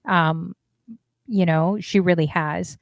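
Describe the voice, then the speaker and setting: A woman's voice: on the low side, fairly even intonation, slow, vocal fry, dry recording. A woman hosting a casual interview, talking in a chatty, rambling way with lots of fillers and some exasperation. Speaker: interview host and DJ streamer.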